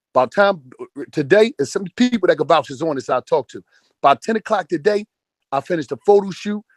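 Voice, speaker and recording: A man's voice: on the high side, dry recording. A man, giving a profane motivational rant on a phone in an online audio chat room and repeating phrases for emphasis. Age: 40s.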